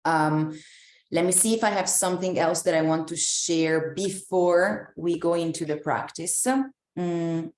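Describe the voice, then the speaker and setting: A woman's voice: lowish voice, fairly even intonation, a little slow, a little mellow. Italian woman coaching, echoey room. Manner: many fillers and restarts, reflective. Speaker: embodiment coach. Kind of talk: live online talk to a group.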